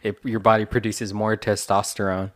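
A man's voice: lowish voice, flat delivery, normal speed. Slangy young man in casual chat. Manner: loose, slangy, heavy use of "like" and "dude".

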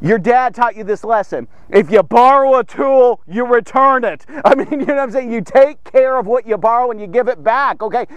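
Speaking at normal speed with few pauses, this devotional podcast teacher has an extremely high pitch and a clear, resonant tone, with no room sound. His casual Bible teaching is animated, peppered with "okay?" and "here's the thing," and he acts out the story's characters.

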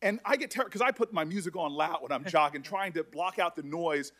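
A middle-aged man speaking at a hearing as a senator, emotional and halting, often restarting his sentences. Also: on the high side, a bit bright. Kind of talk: emotional public address.

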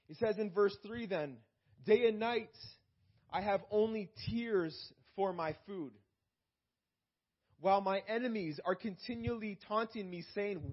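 A man with a high voice preaches in church, calling out to the congregation now and then. He slows down when he reads scripture aloud. The recording sounds dull and muffled, like a lo-fi church recording. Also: husky. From Canada. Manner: preaching with call-outs to the congregation. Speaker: pastor. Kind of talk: sermon.

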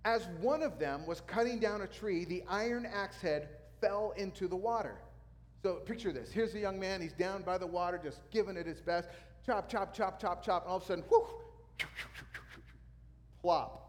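A male pastor preaching a sermon, telling a story with lively sound effects. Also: high-pitched, a little fast, big-room sound.

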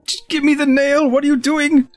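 A man voicing a panicked, furious old man who rants and hurls insults, pitched far above his normal voice. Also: level tone, normal speed, faint music behind. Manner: shrill ranting, insulting.

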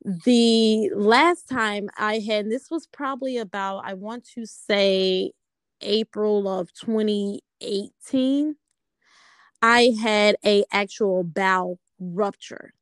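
A woman speaking earnestly in a casual conversation, measured, with fillers and self-corrections. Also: medium pitch, fairly even intonation, smooth, no room sound.

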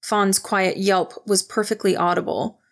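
Woman reading an audiobook chapter, gravelly fry, mid pitch. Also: fairly even intonation, unhurried. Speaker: audiobook narrator. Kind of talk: scripted narration.

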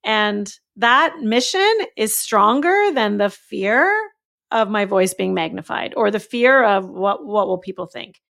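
A woman coach talking as a podcast guest, animated and acting out her own inner thoughts in quotes. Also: mid-range voice, unhurried, gravelly. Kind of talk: casual podcast conversation.

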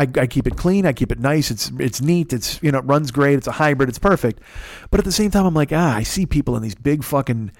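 A man's voice: fairly high pitch, darkish tone, dry recording. A man hosting a podcast, telling a comic story in a profane, exasperated way. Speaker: podcast host. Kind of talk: comedic storytelling.

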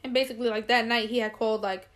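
A young woman chatting casually, telling a story with lots of laughter, cursing and high-pitched quoted voices. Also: fairly even intonation, racing, a bit bright. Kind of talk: casual chat.

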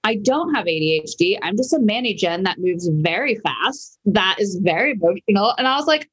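Bubbly woman guest, quick to laugh. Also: mid-range voice, expressive, fairly bright tone, husky, poor audio. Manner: bubbly, laughs often, fast and emotional. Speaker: podcast guest. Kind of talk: casual chat.

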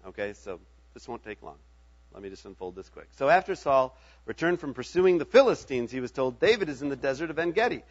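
A man's voice: medium pitch, big pitch swings, a little fast, highs cut off. A middle-aged man preaching a sermon in a conversational way, often checking in with his listeners. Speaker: pastor.

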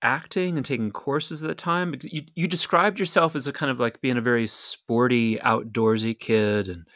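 A man's voice: medium pitch, steady tone, moderate pace, a bit bright, dry recording, clean studio sound. A man hosting a casual interview, asking playful, teasing questions. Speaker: podcast host.

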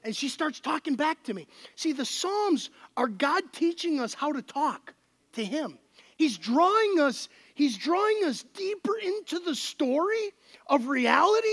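A male pastor giving a conversational, animated sermon to his congregation. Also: extremely high pitch.

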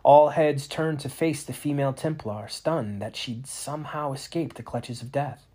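A man narrating a fantasy storybook aloud in a dramatic, expressive reading. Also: medium pitch, moderate pace, breathy edge.

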